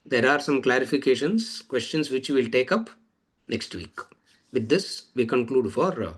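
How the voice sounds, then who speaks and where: Male teacher, mid-pitched, measured lecture style, chants verses slowly. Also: animated, husky. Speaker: Vedanta teacher. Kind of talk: scripture lecture.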